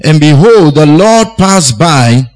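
Male preacher, fairly high voice, slow measured delivery, emphatic repetition. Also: lively intonation, darkish tone, poor audio. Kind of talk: sermon.

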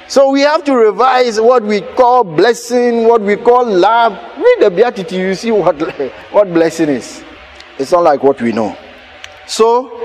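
A man preaching a sermon, telling a personal story with animated laughter and sudden shouted lines. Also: high voice, slight background noise.

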